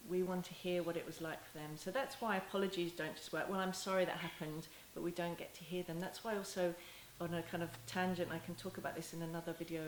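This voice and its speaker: A woman with a lowish voice explains parenting in a gentle, unhurried way, often breaking off and restarting her sentences. She slips into soft, tender lines as if speaking to a child. The room is echoey, with a faint hiss under her voice. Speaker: parenting educator. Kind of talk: talking-head teaching video.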